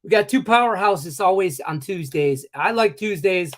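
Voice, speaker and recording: A man's voice: high-pitched, expressive, normal speed. A man in his forties hosting a sports betting show in an upbeat, joking way with rambling asides, hiccuping now and then. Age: 40s. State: has the hiccups. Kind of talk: casual live show hosting.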